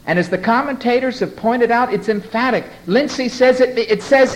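A man preaching a sermon and reading scripture aloud, moving between loud emphasis and hushed tones. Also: very high-pitched, lively intonation, moderate pace, hardly any pauses, low-quality recording. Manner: reads scripture aloud and asks the congregation to turn to a passage. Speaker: pastor.

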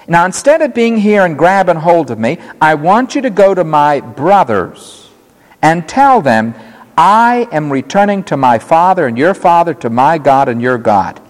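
A man preacher voicing a gentle male teacher calming frightened followers, drawn out and soothing, in a hall with long reverb. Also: high-pitched, pitched above the performer's own voice.

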